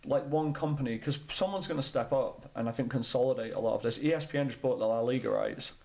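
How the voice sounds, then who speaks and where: A man with a gravelly edge to his mid-pitched voice hosts a casual soccer podcast. He talks in a chatty, teasing way. The recording comes from a small room lined with soundproofing foam. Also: fast, darkish tone. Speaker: podcast co-host. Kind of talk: casual chat.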